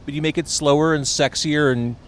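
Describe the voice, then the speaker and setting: A man hosting a casual interview, asking relaxed, conversational questions. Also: fairly high pitch, fairly quick, slight background noise. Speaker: podcast host.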